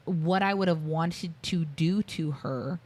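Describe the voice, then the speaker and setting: A woman's voice: sits low, slow pace, a little mellow. A woman co-hosting a casual film review podcast, retelling scenes at length with lots of ums and likes. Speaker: podcast co-host.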